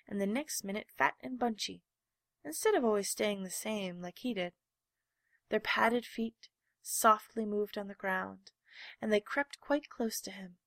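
A woman reading a children's storybook aloud, with gentle, measured storytelling. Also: medium pitch, no echo. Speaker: narrator.

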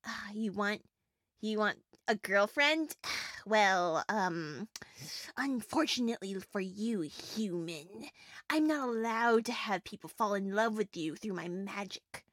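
A young woman plays a small, chatty fairy who grants wishes in an audio role-play, her medium-pitched voice lively, slow and fairly bright. Playful, she giggles, rambles and stammers through many fillers, recorded dry with clean studio sound.

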